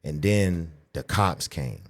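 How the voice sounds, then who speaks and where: A man in his forties, from the Pittsburgh area, telling a profane childhood story as a podcast guest, animated and acting out the voices of people he quotes. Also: rumbling low, slow. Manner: profane, animated, acts out quoted voices, frequent "you know what I'm saying". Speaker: podcast guest, pro bodybuilder. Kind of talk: casual storytelling in a podcast interview.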